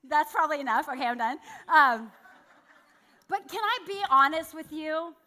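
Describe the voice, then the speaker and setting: A woman delivers a sermon in a high voice, folding candid personal stories into her message. Her tone is bright and a little sharp, and she pokes fun at herself as she talks. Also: animated, normal speed. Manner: candid, self-deprecating storytelling with laughs. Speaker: church speaker.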